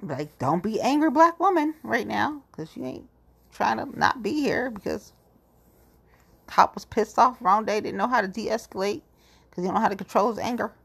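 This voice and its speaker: A woman's voice: a little high, lively intonation, moderate pace, vocal fry, fairly bright tone, husky. A woman in her forties giving a rambling, blunt and profane monologue to camera. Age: 40s. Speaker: vlogger. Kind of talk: candid monologue.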